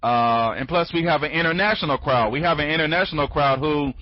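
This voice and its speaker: A tired man hosting a casual online training call, talking quickly, rambling and repeating himself with many restarts. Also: on the high side. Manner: talks fast when excited. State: sleepy, tired. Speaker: online training conference host. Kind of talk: casual live webinar talk. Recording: dry, dull lo-fi audio.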